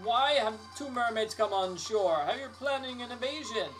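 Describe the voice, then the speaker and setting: A man doing a smug villain who drawls his threats slowly and coolly. Clear music plays behind the voice. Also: very high voice, expressive, fairly bright tone, pitched above the performer's own voice. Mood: menacing. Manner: smug, slow and menacing. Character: sly villainous male kidnapper, smug and menacing.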